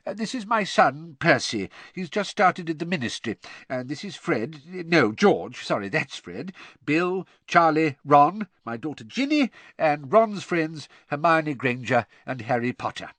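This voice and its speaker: A man playing a kindly middle-aged dad with a cheerful, chatty, slightly bumbling manner, pitched above the narration and lively in tone. He is a warm-hearted storybook father who keeps up a running commentary. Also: unhurried, dry recording, heavily acted. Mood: flustered.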